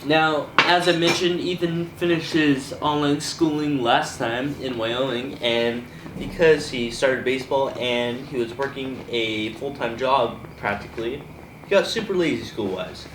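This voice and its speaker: A man's voice: mid-range voice, measured pace. A teenage boy hosting a casual podcast chat with his brother, rambling and often laughing. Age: teens. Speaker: host. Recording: echoey room, distant mic, noisy.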